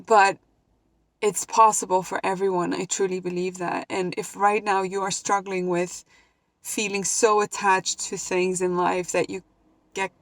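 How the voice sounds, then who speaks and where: On a dry recording, a young vlogger shares a personal story in an emotional talk to camera. She is on the verge of tears and frequently restarts what she's saying. Her mid-range voice comes across flat and measured in pace.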